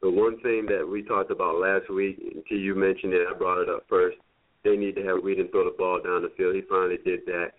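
A man's voice: low voice, level tone, brisk. A man co-hosting a casual sports talk podcast, speaking in a frustrated, emphatic way. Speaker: podcast co-host. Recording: tinny phone-line sound.

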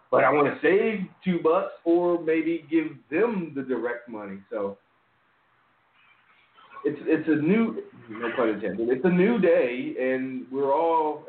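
An animated man hosts a podcast in loose, profane chat, and his voice leaps upward whenever he mocks someone. The audio is narrow and phone-like, with a roomy echo around him. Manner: animated, profane, voice jumps high when mocking. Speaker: podcast host. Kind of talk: casual ranting chat. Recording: echoey, phone-like sound.

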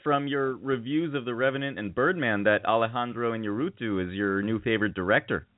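A man's voice: mid-range voice, a little fast, no room sound. A man hosting a radio show, chatting casually and teasing his co-host. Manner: joking, teasing. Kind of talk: casual chat. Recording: tinny phone-like sound.

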